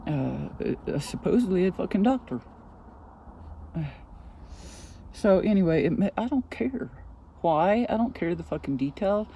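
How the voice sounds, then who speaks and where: This vlogger is venting in her car, sounding agitated and swearing all the time. Her fairly low, warm voice is animated with vocal fry, her pace is moderate, and there's a little hiss or hum.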